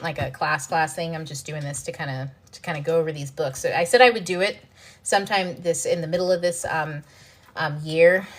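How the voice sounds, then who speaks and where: A woman's voice: low-pitched, fairly bright tone. Woman, author-host, casual livestream talk, blunt, swears a lot, laughs often. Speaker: author and self-development host. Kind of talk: casual livestream talk answering viewer questions.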